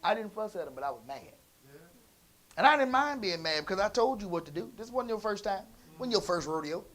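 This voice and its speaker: A man preaching in a church, telling a family story in a conversational way that moves from quiet asides to loud emphasis. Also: high voice, sing-song, fairly quick. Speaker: pastor. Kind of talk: storytelling sermon.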